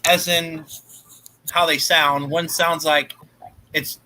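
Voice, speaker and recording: American guy on a podcast, slightly high bright voice, bit of hiss behind. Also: slow, poor audio. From United States. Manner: animated, jokey, colloquial. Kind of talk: casual chat.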